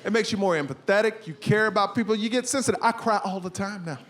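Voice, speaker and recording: A man performing an animated stand-up comedy routine on a live stage, bursting out loudly on punchlines. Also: high voice, fast talker. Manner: animated storytelling, loud outbursts for punchlines. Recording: live stage recording with audience noise.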